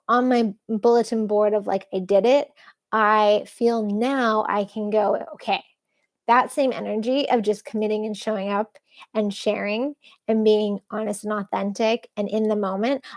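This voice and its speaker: Candid woman rambling in a personal vlog. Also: mid-range voice. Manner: rambling, candid, swears casually. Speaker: vlogger. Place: bedroom with an ocean view.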